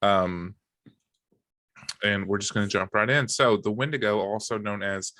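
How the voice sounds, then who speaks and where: A man's voice: fairly low pitch, normal speed, pauses often, no echo. A man co-hosting a podcast in casual chat, joking and reading from notes with lots of fillers. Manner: relaxed, joking, many fillers. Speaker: podcast co-host.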